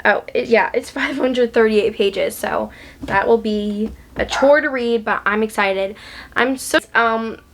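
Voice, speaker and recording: Chatty, higher-voiced woman book vlogger. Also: a little slow, background noise. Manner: chatty and gushing, many ums and likes. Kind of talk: casual chat.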